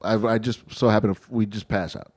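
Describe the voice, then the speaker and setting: A man co-hosting a comedy podcast, telling a road story in a loose, profane, animated way and acting out the people in it. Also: lowish voice, a little fast, husky.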